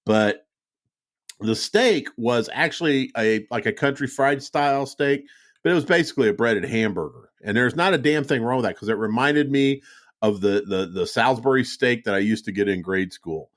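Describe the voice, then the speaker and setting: Profane, rambling middle-aged podcast host. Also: male voice, mid-range voice, animated, moderate pace, fairly bright tone. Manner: profane, rambling storyteller with frequent restarts. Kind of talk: casual podcast chat.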